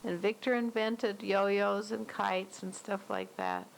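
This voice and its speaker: A woman's voice: medium pitch, very animated, slow, creaky, a little hiss or hum, rough recording. An older woman casually narrating old family home movies, recalling details in a chatty way. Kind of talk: casual reminiscing.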